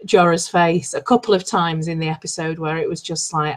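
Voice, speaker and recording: A woman's voice: low voice, fairly even intonation, a little fast. A woman chatting on a live video call, laughing often and acting out quotes as she talks. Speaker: guest panelist.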